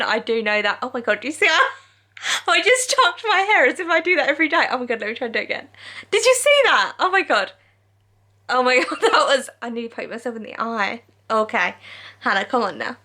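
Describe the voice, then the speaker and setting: A woman's voice: on the high side, a bit bright. A young woman vlogger from England chatting casually to camera at home at night, giggly and full of "like".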